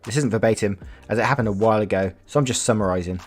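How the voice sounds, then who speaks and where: Casual low-voiced male story reader. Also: racing, faint music behind. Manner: casual, swears, reacts and laughs between readings. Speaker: storytelling YouTuber. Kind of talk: reading online stories with commentary.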